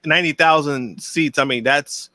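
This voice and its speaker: A man's voice: fairly high pitch, normal speed, pushed and bright, no echo. A man co-hosting a podcast in casual chat, thinking aloud and repeating his words as he makes a point. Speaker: podcast co-host.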